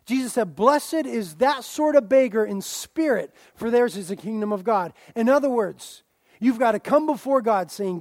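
High-voiced animated young preacher man. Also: moderate pace, dry recording, clean studio sound. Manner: animated, jokey asides, rising to loud emphatic preaching. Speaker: pastor. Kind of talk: sermon.

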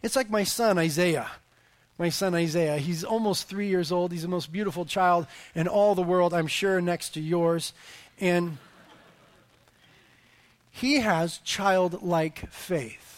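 A pastor in his thirties preaches a sermon full of family stories, animated, his voice swelling for emphasis. He has a high-pitched voice and speaks slowly.

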